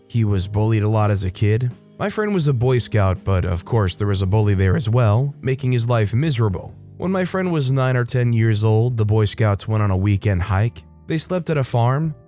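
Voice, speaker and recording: A man's voice: medium pitch, warm tone. A man reading online stories aloud, adding casual, chatty commentary between them. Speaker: story narrator.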